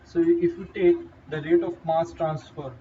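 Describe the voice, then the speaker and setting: A man's voice: on the high side, level tone. Indian man lecturing from a distant mic. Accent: Indian English. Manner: halting, with fillers and restarts. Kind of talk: whiteboard lecture. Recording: distant, dull lo-fi mic with faint noise.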